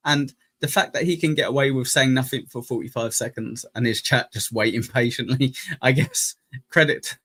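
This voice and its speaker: A man's voice: medium pitch, normal speed. Chatty English man hosting a stream. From England. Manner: chatty, jokey, thanks donors warmly. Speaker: streamer host reacting to clips. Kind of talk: casual live-stream chat.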